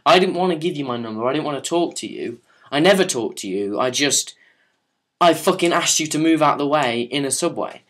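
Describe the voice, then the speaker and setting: Answering viewer questions and telling a story, this young vlogger rambles sarcastically, curses often and keeps restarting. His voice is a little high and a bit bright, fairly quick, with lively intonation.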